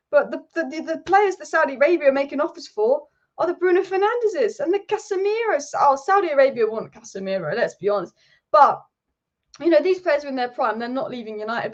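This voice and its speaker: Woman, football channel host, rattles off opinions at speed, muffled lo-fi recording. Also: a little high. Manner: opinionated, rapid and animated, with frequent restarts. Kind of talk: casual opinion vlog. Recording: dull lo-fi recording.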